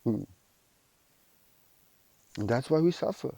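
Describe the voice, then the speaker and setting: A man's voice: on the high side, animated, unhurried, mellow, no room sound, muffled recording. A man giving a spiritual teaching monologue, earnest and repetitive, with slightly unidiomatic phrasing.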